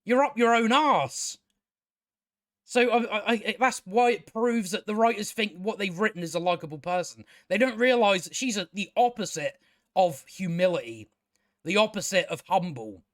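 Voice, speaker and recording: A man's voice: sits high, moderate pace, no echo, studio quality. A man hosting a casual spoken TV review, sarcastic and exasperated, swearing freely and restarting his sentences. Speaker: TV review channel host.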